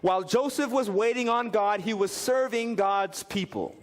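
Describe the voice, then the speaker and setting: A male pastor preaching a sermon in an animated way, often slipping into the voices of the people in his examples. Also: high-pitched, normal speed. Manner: animated, acts out quoted voices. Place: church sanctuary. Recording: reverberant church hall.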